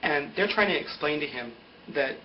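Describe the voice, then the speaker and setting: A young man recapping a TV episode in a rambling, animated way, full of "like" fillers. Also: on the high side, normal speed, a little hiss or hum. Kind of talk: casual spoken recap. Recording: dull lo-fi home recording.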